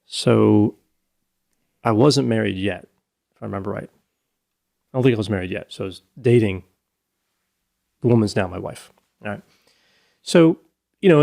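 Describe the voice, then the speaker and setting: A podcast co-host with a gravelly, low, slightly mellow voice tells stories in a casual chat. He rambles and keeps correcting himself as he goes.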